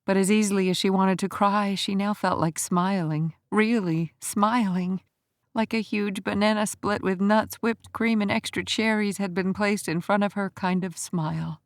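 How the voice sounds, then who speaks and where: A woman narrating a romance audiobook in an even, measured storytelling manner. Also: medium pitch, no echo, studio quality.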